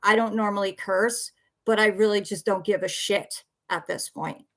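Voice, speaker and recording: A woman's voice: mid-range voice, moderate pace, fairly bright tone. A worn-out woman ranting defensively on a livestream, blunt and swearing, repeating herself as she answers viewers. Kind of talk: heated livestream rant.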